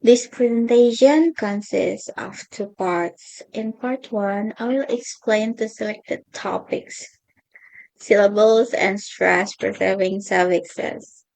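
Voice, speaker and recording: A woman's voice: mid-range voice, steady tone, slow, creaky, darkish tone, rough recording. A young woman reading out her class presentation on linguistics, carefully stressing each example word. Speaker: student presenter.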